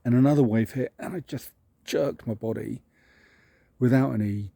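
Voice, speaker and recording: Out walking a dog, an English vlog host casually recounts a meandering story from his childhood, poking fun at himself and laughing as he goes. He has a mid-range, gravelly, dark voice at normal speed, and the recording is dry.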